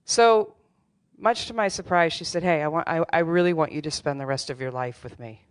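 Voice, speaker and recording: A woman's voice: low-pitched, brisk, clear, resonant tone. A middle-aged woman telling a true personal story on stage, candid and wry, with self-deprecating humor. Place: theater stage before a live audience.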